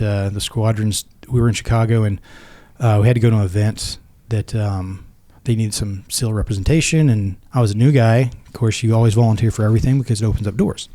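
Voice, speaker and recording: A middle-aged man, a former Navy SEAL, telling stories casually and acting out the quoted lines in a lively way. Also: lowish voice. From United States. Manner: animated, acts out quoted dialogue. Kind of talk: casual storytelling.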